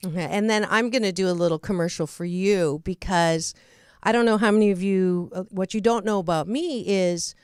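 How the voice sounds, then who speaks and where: A woman's voice: mid-range voice, moderate pace, a little mellow, clean tone, no echo, clean studio sound. A middle-aged woman hosting a radio interview, chatty, laughing at herself and restarting sentences. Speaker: host.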